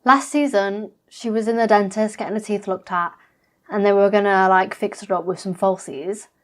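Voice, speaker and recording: A woman's voice: mid-range voice, steady tone, normal speed. A woman reacting to a reality TV episode in a blunt, chatty way, swearing freely. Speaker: reaction vlogger.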